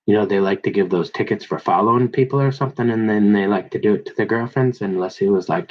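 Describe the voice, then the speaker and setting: A man telling rambling personal stories, digressive and halting, with many restarts and asides. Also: fairly low pitch. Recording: dull lo-fi recording.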